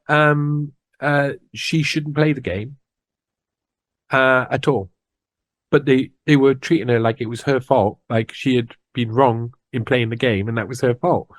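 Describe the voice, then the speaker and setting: A man giving a personal account in an interview, halting and restarting as he replays past conversations. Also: fairly high pitch, no room sound.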